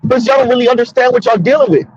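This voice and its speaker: A man's voice: very high-pitched, very fast, a little mellow, breathy edge, no room sound, muffled recording. A man hosting a casual commentary monologue from his car, emphatic and repetitive, talking straight to listeners. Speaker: commentary host. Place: in a car on the road.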